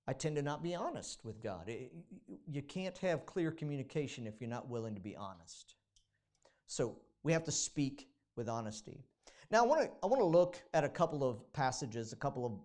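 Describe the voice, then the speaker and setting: A man's voice: mid-range voice, darkish tone. Male pastor, informal sermon delivery with frequent restarts, dramatizes prayers in a raised voice.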